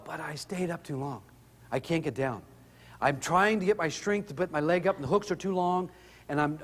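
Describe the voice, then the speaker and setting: Man, high voice, animated storyteller, faint ambient noise. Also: big-room sound. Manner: animated, rises in pitch when excited. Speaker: speaker telling family stories. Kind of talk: humorous storytelling talk.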